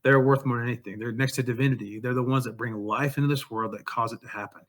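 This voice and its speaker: A man's voice: mid-range voice, steady tone, fast talker. A man being interviewed as an author and songwriter, telling a personal story in an earnest, heartfelt way.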